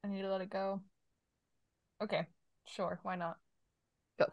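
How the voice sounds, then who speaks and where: A woman co-hosting a podcast, chatting casually through a guessing game, animated and quick to laugh and exclaim. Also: medium pitch, no echo. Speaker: podcast co-host.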